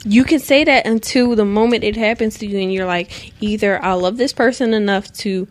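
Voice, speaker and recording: A woman co-hosts a laid-back podcast and talks in an emphatic, lecturing way. Her voice sits in a middle pitch. Faint background noise runs under her speech. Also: brisk, few pauses. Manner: emphatic, lecturing advice-giver. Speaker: podcast co-host. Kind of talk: casual chat.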